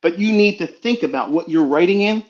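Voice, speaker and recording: A man's voice: sits high, lively intonation, brisk. A man, a trading mentor, giving an emphatic, preachy, profane motivational talk on a live audio stream. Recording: dull lo-fi online stream audio.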